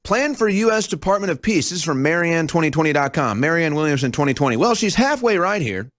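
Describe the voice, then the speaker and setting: A man's voice: on the high side, big pitch swings, fast, a bit bright, no room sound. A young man hosting a talk show, delivering a sarcastic, scornful monologue that jumps between topics.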